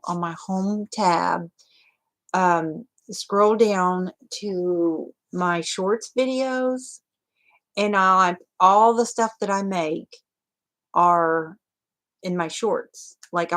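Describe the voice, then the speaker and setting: Woman hosting a casual livestream, unhurried, rambling, mid-pitched. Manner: rambling and chatty, with many fillers. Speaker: crafting livestream host.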